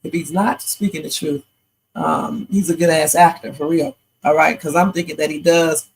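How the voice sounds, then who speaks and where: Her voice is low with fairly even intonation and a moderate pace, captured in poor audio with slight background noise. Tired and sleepy, she hosts a live reaction stream, chatting casually, rambling, and adding preachy remarks.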